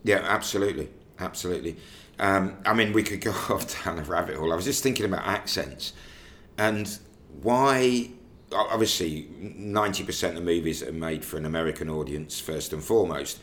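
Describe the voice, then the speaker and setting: A man's voice: low voice, brisk. A man co-hosting a casual film podcast, musing and wandering off on tangents. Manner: musing, digressive, animated when riffing. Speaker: podcast co-host.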